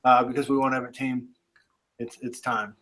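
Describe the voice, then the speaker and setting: A man's voice: medium pitch, flat delivery, normal speed, a bit bright, a little hiss or hum. A man with a Pittsburgh accent co-hosting a podcast in casual chat, rambling and joking at his own expense. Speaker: podcast co-host.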